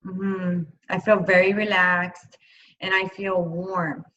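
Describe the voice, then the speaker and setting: A woman's voice: on the low side, little pitch movement, slow, pushed and bright. Effusive woman host, dull lo-fi audio. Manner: effusive, exclaiming. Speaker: interview host. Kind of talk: casual interview chat.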